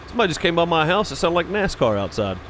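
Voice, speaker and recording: A man's voice: fairly high pitch, very animated, fast talker, a bit bright, a little hiss or hum. Laid-back man chatting on a game stream. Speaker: live streamer, game host. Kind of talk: casual chat while streaming a farming game.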